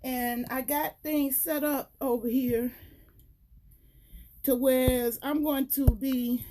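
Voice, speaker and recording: Slow-talking high-voiced woman gardener. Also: fairly even intonation, warm tone, slight background noise. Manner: chatty, talks to viewers as y'all. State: out of breath at times. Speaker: gardening vlogger. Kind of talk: casual home gardening vlog. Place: house and grow room, indoors. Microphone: handheld camera, then set down.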